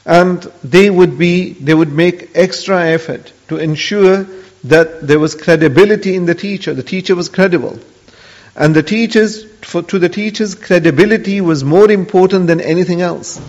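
This Islamic religious teacher's voice sits high and a bit mellow, moving at normal speed as he earnestly narrates an old story in his lesson. Pious honorifics dot his speech, and the dull lo-fi audio echoes with long hall reverb.

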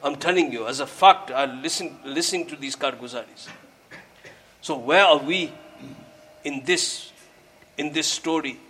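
A man's voice: a little high, a little slow, breathy edge. A man preaching a sermon, telling a story and earnestly urging his listeners, dropping Urdu and Arabic religious words into his English. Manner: earnest, exhorting, grows louder when urging.

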